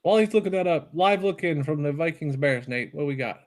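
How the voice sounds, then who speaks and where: A man's voice: a little high, expressive, a little fast. Teasing male sports podcast co-host. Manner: joking, teasing, laid-back. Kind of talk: casual sports chat.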